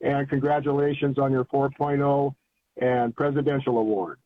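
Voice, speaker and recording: A man's voice: medium pitch, fairly even intonation, moderate pace, a little hiss or hum. An older man calling into a radio show, rambling and enthusiastic in colloquial talk. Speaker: caller. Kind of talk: phone-in chat. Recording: tinny phone line.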